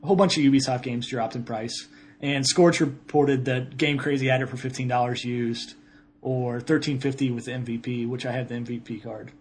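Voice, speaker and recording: A man's voice: mid-range voice, steady tone, brisk, slight background noise. A man co-hosting a casual podcast, rambling through game reviews and correcting himself as he goes. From Ohio. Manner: rambling, self-correcting, laughs often. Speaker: podcast co-host.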